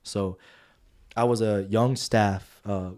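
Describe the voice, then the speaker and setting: Deep-voiced young man, podcast co-host, lively casual storytelling; replays conversations. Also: slow pace. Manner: animated, acts out quoted dialogue with filler words.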